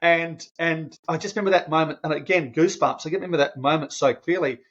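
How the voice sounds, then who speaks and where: On a lo-fi recording, a man with a higher-leaning voice talks fast. He's in his 50s, a guest on a podcast relating a personal story; his manner is earnest and emotional, with frequent phrase restarts and extra animation when quoting himself.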